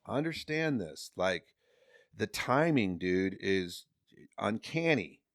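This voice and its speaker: Gravelly man telling a story. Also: lowish voice, takes it slowly. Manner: animated storyteller swinging between loud emphasis and hushed asides. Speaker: podcast guest. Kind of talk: casual storytelling.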